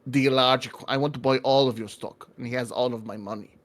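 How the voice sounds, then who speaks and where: A man playing a tabletop game who speaks hesitantly, full of ums and pauses. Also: mid-range voice, steady tone. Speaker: player. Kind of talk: tabletop role-play.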